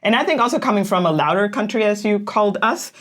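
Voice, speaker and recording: A woman's voice: mid-range voice, lively intonation, fast talker, fairly bright tone. A woman co-hosting a casual chat, talking freely with frequent laughs and fillers. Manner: chatty, laughs often, says "like" a lot. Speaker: co-host.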